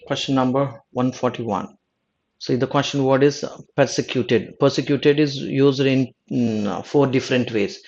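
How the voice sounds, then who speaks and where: This mid-range male voice belongs to a South Indian exam coach going over test answers, unhurried, steady and a little mellow, though the recording is muffled. He often restarts, repeats points, reworks sentences partway through and asks "no?".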